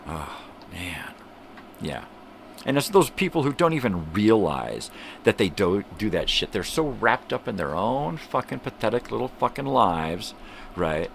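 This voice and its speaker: A man's voice: sits low, sing-song, unhurried, vocal fry, a little hiss or hum. An older man hosting a morning livestream from home, ranting heatedly with lots of swearing and mocking impressions of other people. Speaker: host. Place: home room with a fan running.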